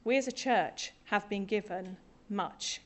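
A woman's voice: medium pitch, measured pace. A middle-aged woman from Britain preaching a sermon to a congregation, conversational and self-deprecating with humour.

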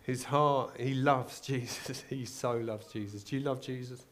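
A male preacher delivering a sermon, moving from quiet storytelling to loud, urgent exhortation. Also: mid-range voice, steady tone, a little slow.

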